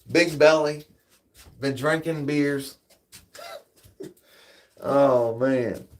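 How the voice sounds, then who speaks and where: A man's voice: medium pitch, a little hiss or hum. A man telling rambling, profane stories in casual chat, laughing often and drifting off on side tangents.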